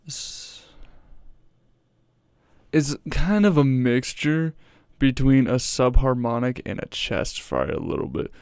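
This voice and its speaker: Man, reaction video host, rambling casual talk, curses, gravelly fry, dry close sound. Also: mid-range voice, expressive, unhurried, few pauses, a little mellow, no room sound. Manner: rambling, swears freely, breaks off mid-thought.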